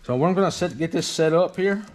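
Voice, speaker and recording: A man's voice: a little high, a little fast, darkish tone, a little hiss or hum. Easygoing man in his shop. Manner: rambling, easygoing, self-deprecating. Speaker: DIY truck builder. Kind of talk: casual shop vlog narration. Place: workshop garage.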